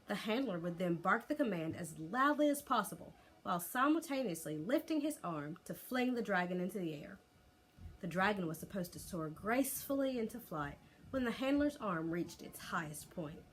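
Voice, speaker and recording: A woman reading a children's chapter book aloud as a teacher, in an expressive, lively storytelling voice. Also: mid-range voice, moderate pace.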